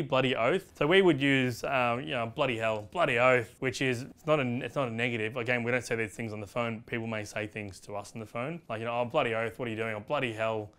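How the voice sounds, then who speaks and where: A man's voice: mid-range voice, fairly bright tone. An Australian man explaining slang in casual, chatty talk, full of fillers, hopping from one word to the next.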